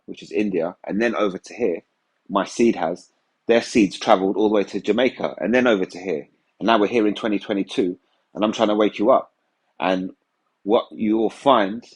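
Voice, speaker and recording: A man's voice: fairly low pitch, breathy edge. A man giving an informal religious teaching in a conversational way, often saying "you know". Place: England.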